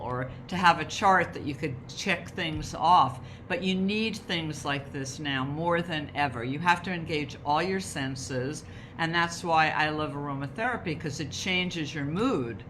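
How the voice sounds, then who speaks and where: A woman with a notably low, deep voice talks through her rituals in a relaxed conversational way. She explains with emphasis, and a faint hiss of noise sits under the recording. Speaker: ritual and wellness speaker. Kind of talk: conversational advice talk.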